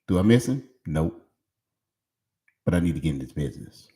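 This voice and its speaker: A middle-aged man, a pastor preaching an energetic sermon. He speaks emphatically and keeps asking the congregation questions. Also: low voice, normal speed, long pauses. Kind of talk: energetic sermon with call-and-response. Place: church sanctuary.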